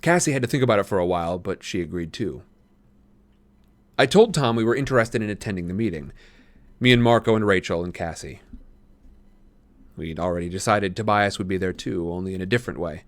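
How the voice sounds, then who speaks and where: A man streaming a read-aloud of a novel, chatty and friendly between chapters and steady when narrating. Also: low voice, fairly quick, pauses often, dry recording. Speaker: streamer reading a book aloud.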